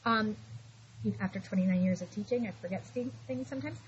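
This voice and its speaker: A woman's voice: medium pitch, fairly quick, lo-fi sound, slight background noise. A middle-aged woman math teacher lecturing her class, patient and reassuring as she walks through each step.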